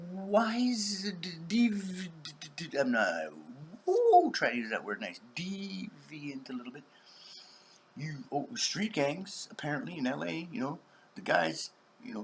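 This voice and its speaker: A middle-aged man in a rambling, profane vlog monologue, dropping to whispers and bursting into shouts. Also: on the high side, gravelly, a little hiss or hum. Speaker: vlogger.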